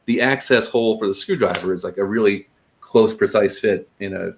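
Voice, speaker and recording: A man's voice: fairly low pitch, a little hiss or hum. A man co-hosting a casual podcast about hobby cars, rambling and correcting himself as he goes. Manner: talks fast, with restarts and asides. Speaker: podcast co-host. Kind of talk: casual chat.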